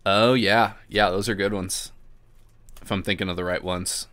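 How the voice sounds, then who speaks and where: Drinking beer and burping, this livestream host speaks in a deep, steady, fairly bright voice at normal speed. He keeps things relaxed with his viewers, laughing while he talks and swearing a lot.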